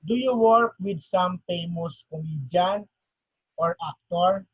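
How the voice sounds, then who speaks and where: A man hosting an interview show, asking questions in a halting way. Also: high voice, husky, no room sound, dull audio. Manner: halting, repeats words before questions. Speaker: host.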